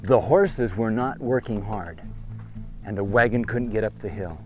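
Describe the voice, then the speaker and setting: A man's voice: on the low side, a little slow, darkish tone. Stern man, lecturing a group outdoors, repeats questions, faint music behind. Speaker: trip leader addressing a group of kids.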